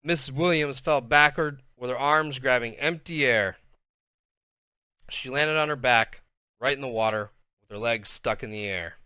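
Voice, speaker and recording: Man reading a novel aloud with casual asides, bright and crisp voice. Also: mid-range voice, a little slow, no room sound. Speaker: reader.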